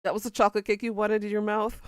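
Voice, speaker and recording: A woman's voice: mid-range voice, flat delivery, fairly quick, no echo, clean studio sound. A woman streamer in casual live-stream chat, playful and bawdy, reading out chat quotes and laughing along. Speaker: game streamer.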